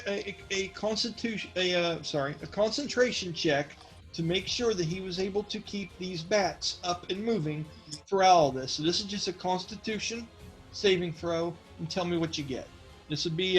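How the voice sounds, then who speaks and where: A high-pitched man narrates as game master of a tabletop game. He tells the scene in a loose, joking way, full of fillers, and faint music plays behind him. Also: moderate pace, rough recording.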